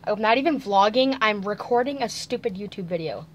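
A woman's voice: mid-range voice, lively intonation, brisk, a little hiss or hum. A teenage girl in chaotic casual chat with her sister, giggly and teasing, stalling with lots of filler sounds. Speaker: channel owner.

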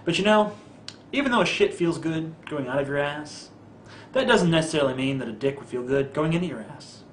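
A man's voice: fairly high pitch, lively intonation, brisk, roomy sound, a little hiss or hum. A man ranting in a video commentary, sarcastic, profane and mocking. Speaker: vlogger.

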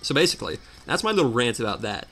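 A man doing casual gameplay commentary, telling a story as an animated, exasperated rant. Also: medium pitch, fast, faint music behind. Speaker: let's player.

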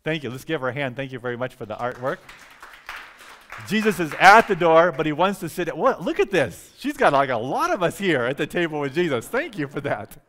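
Man, pastor, revival sermon, animated storytelling, repeats words for emphasis, church. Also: fairly high pitch, brisk, slight background noise. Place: church sanctuary.

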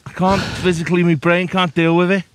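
Brief: English male angler, slightly high voice, hot, breathless, grumbling. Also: level tone, brisk, a bit bright, no echo. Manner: complaining, weary, wry. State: overheated, out of breath. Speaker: angler and co-host. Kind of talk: banter while fishing outdoors. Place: outdoors at a fishing lake.

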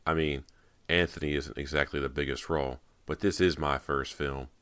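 A man voicing a warm, outgoing teenage boy actor who talks with easy, gentle concern. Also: extremely low pitch, steady tone, normal speed, smooth, no room sound.

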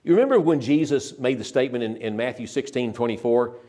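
A man's voice: medium pitch, dark tone. Earnest older man preaching a sermon. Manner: earnest and emphatic, slows down to stress scripture; repeats words and restarts phrases.

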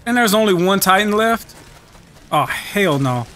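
Young man, gaming commentary, trash-talking, excitable, slightly high voice. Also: a little slow. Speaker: gaming channel host. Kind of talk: live game commentary. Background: game music.

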